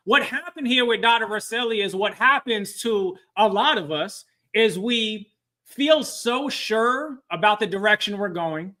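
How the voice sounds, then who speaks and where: A man's voice: high-pitched, bright, forceful tone. A man presenting a live training webinar, telling a story and often quizzing his audience.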